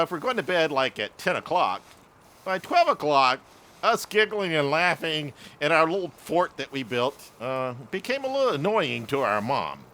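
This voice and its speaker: Giggly rambling storyteller man, bright voice. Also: on the high side. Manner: giggly, rambling, laughs at his own story. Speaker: vlogger. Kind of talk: casual storytelling monologue.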